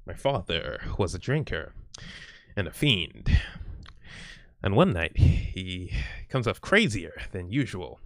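A man voicing a grim game narrator who speaks low, slow and somber. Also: big pitch swings, a bit bright, dry recording, studio quality, heavily acted.

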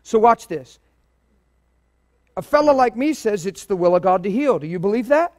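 High-voiced, animated man preaching. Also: moderate pace. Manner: animated, storytelling, swings from quiet to loud. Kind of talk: sermon. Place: church.

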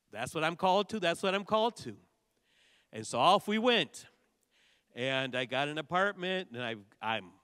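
Pastor, male, slightly high voice, animated storytelling sermon, close dry mic with a long church reverb tail. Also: smooth. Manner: animated storytelling preacher, bursts of loud exclamation. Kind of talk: sermon testimony. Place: church sanctuary.

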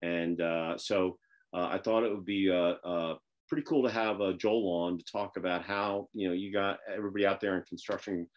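A man's voice: low-pitched, fairly even intonation, moderate pace, highs cut off. A man from the Northeastern United States hosting a casual video call show, rambling in a folksy way with lots of fillers. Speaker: podcast host.

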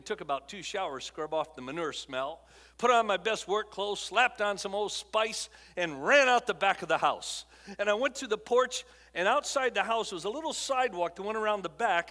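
Older man preaching with dramatic swings. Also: sits high. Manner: dramatic storytelling, swings from hushed to loud. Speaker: guest speaker. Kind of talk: emotional testimony sermon. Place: church auditorium. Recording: long hall reverb.

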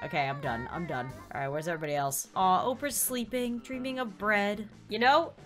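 A young woman giving excitable Let's Play commentary, shrieking when surprised. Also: mid-range voice, brisk, over music. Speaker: gaming YouTuber.

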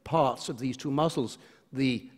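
A man's voice: mid-range voice, a little slow, close to an everyday voice. A man doing a brief German-accented impression of a male professor explaining anatomy in a mock-scolding tone. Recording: long reverb of a lecture hall.

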